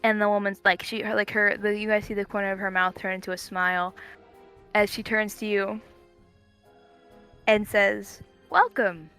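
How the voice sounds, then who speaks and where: A woman's voice: mid-range voice, flat delivery, moderate pace, long pauses, fairly bright tone, smooth, soft background music. A woman running a tabletop game as game master, describing scenes in a rambling, casual way with many fillers.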